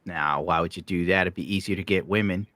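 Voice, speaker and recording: A man's voice: low voice, fairly even intonation, brisk, pushed and bright, no room sound. A man with a New York accent, joking and swearing in a casual podcast chat. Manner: jokey, swearing, bursts into mock voices.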